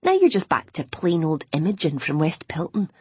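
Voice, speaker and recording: A woman doing a brash excitable girlfriend. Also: sits low, moderate pace, slightly rough, no room sound, full character voice. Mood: teasing.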